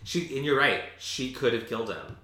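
A man's voice: medium pitch, animated, normal speed, bright, forceful tone. A man hosting a podcast, chatting casually and rambling with lots of fillers. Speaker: podcast host recapping an episode. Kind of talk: casual chat. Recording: echoey room.

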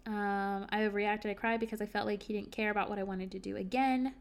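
A woman's voice: mid-range voice, fairly even intonation, fast talker, vocal fry. A young woman hosting a solo podcast, chatting candidly and reading from her journal with lots of ums and likes. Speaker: podcast host.

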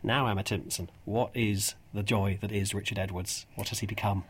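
A man's voice: fairly low pitch, steady tone, moderate pace, husky. A man hosting a radio show, chatty and jokey, who rambles and laughs often. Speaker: radio host.

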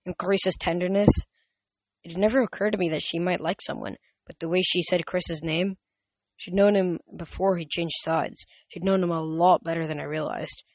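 A man's voice: sits high, fairly even intonation, normal speed, no room sound. A man reading a novel aloud, often stumbling and correcting himself. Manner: frequent slips and self-corrections. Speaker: reader.

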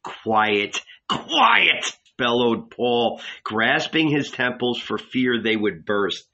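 A man narrating a novel in a measured storytelling manner. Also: mid-range voice, fairly bright tone. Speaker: audiobook narrator. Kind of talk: scripted narration. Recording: dull lo-fi recording.

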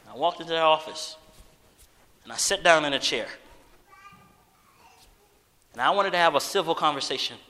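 A man preaching a sermon, moving from loud urgent appeals to quiet personal storytelling. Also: a little high, animated, moderate pace, long pauses. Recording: long reverb of a large hall.

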